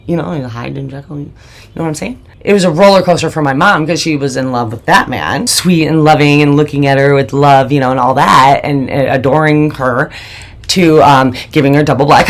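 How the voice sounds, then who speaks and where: A woman hosting her own show, telling a candid personal story in a blunt, emotional way and swearing often. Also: low voice. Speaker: host.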